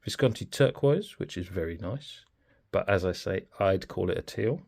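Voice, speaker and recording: Deep gravelly man reviewing pens. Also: lively intonation, moderate pace, a little mellow. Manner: chatty, informal, thinking aloud. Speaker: pen reviewer. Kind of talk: casual product review.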